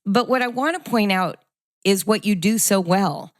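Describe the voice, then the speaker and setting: Middle-aged woman host: animated, conversational storyteller, mid pitch, dry close sound. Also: normal speed, no echo. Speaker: podcast host. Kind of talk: conversational interview.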